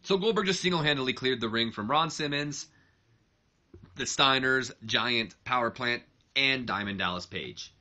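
A let's play narrator offers casual commentary on a wrestling management game, rambling and correcting himself as he goes. His voice is medium-pitched and sharp, at a moderate pace.

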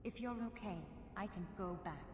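A woman voicing a soft-spoken female game character with a Welsh accent, speaking quietly, slowly and haltingly. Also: medium pitch, natural voice. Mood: gentle. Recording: roomy game audio with long reverb and clear background hiss.

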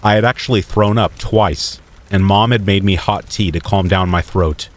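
A man reading a scripted first-person horror story in a steady, measured way. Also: low-pitched.

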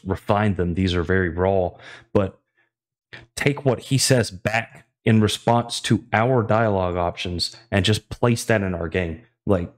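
A young man hosting a casual coding tutorial, chatty and enthusiastic, thinking aloud as he types. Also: fairly low pitch.

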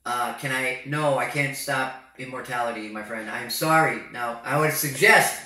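A man playing a patient, deadpan crisis hotline operator who answers with hesitant fillers. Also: medium pitch, moderate pace. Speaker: prank call partner. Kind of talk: prank call comedy. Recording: echoey and distant with faint noise.

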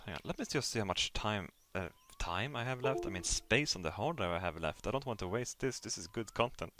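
A man streaming a game live, chatting casually and excitably to his viewers at a desk mic, with whoops and swearing. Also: fairly low pitch, fairly quick, background noise.

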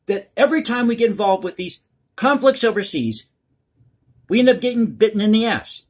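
A man's voice: high-pitched, very animated, moderate pace, pauses often, a bit bright, breathy edge. A man hosting his own channel, giving blunt, crass, opinionated commentary on the news. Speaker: political commentary host.

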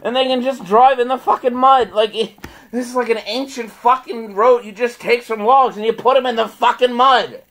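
Dude ranting and cussing nonstop, kinda high voice, rambly and repeats himself. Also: male voice, fairly even intonation, moderate pace, a bit bright, rough recording. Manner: profane, rambling, repetitive, laughs in frustration. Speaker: vlogger. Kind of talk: angry ranting monologue.

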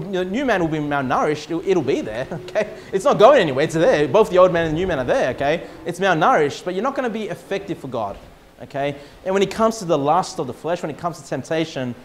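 A man with an Australian accent preaching a sermon in church, reading scripture slowly and loudly, then explaining it with emphatic rises. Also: sits high. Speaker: pastor.

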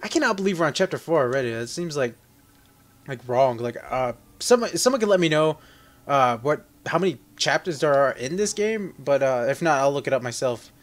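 A man's voice: a little high, expressive, a little fast. Joking, rambling gamer man. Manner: joking, rambling, swings to loud yelps. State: sick, on medication. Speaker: let's play gamer. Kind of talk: casual gameplay commentary.

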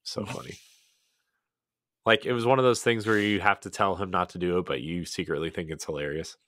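Deep-voiced guy rambling on a podcast, tons of "like"s, dry close mic. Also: fairly even intonation, quick pace, fairly bright tone, dry recording. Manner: rambling, many "like"s and restarts. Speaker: podcast co-host. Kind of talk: casual podcast chat.

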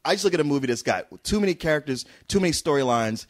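A man's voice: on the high side, expressive, very fast. A man giving a blunt, joking movie review in a casual roundtable chat, with crude wisecracks. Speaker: film reviewer.

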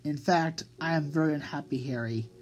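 A woman's voice: low voice, moderate pace, darkish tone, close to an everyday voice. A woman reading a nervous little mouse. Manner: nervous and prim. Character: small nervous fussy male mouse.

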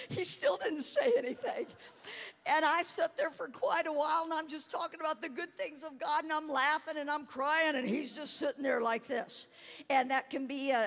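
A woman preacher telling a lively personal story in a sermon, quoting scripture. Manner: animated storytelling, laughing and shouting at high points. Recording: long hall reverb.

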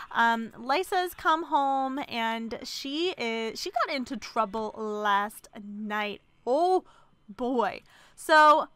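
Woman narrator for a casual let's play; chatty and gossipy, rambles with fillers, voice on the high side. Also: fairly bright tone, clear, resonant tone. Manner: rambling, many fillers and restarts. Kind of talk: casual game commentary.

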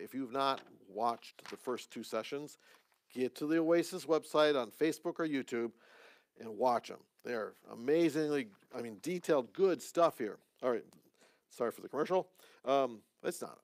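A man teaching a conversational sermon as pastor in a church, with joking asides and quick restarts. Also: medium pitch, animated, gravelly, no room sound.

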